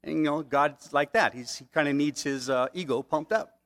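A man's voice: mid-range voice, normal speed, fairly bright tone. A man preaching a sermon in a conversational way, often checking in with "okay?" asides. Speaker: pastor.

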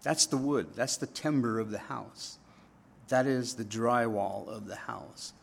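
A man preaching a sermon as a pastor, teaching from scripture in an animated way and often checking in with the congregation. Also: medium pitch, measured pace, creaky, slight background noise.

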